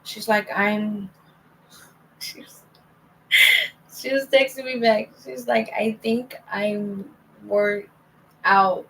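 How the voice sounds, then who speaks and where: A woman's voice: medium pitch, steady tone, slow, gravelly, long pauses, slight background noise, low-quality recording. A young woman telling a rambling, casual story to her viewers, reading out old text messages with many restarts. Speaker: vlogger.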